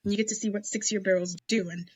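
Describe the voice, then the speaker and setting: A woman's voice: medium pitch, steady tone, fast talker, husky, dry recording, lo-fi sound. A woman guest on a casual podcast interview, talking emphatically and with enthusiasm about blending whiskey. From United States.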